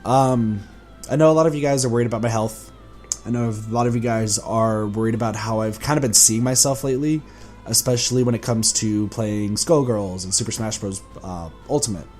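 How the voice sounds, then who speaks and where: A man with a hoarse, sore voice giving a casual, rambling channel update as a gaming YouTuber, often restarting words and chuckling. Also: on the low side, brisk, a little mellow, soft background music. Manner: rambling, self-correcting, chuckling.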